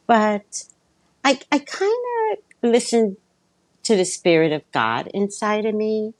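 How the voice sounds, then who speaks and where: A woman's voice: low-pitched, gravelly, dry recording, rough recording. A woman telling a story to her viewers in a casual, blunt, profane way. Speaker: vlogger.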